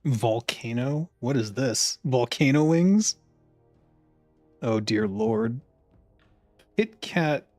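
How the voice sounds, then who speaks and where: A man's voice: mid-range voice, lively intonation, extremely slow, long pauses, darkish tone, dry recording, soft background music. Man in his thirties, loose chatty streamer, lots of swearing and muttered asides. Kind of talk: casual chat while ordering food online.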